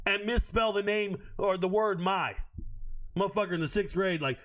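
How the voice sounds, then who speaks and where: A man's voice: high voice, moderate pace, a bit bright. A man hosting a live stream, ranting at his chat in a brash, profane, confrontational way.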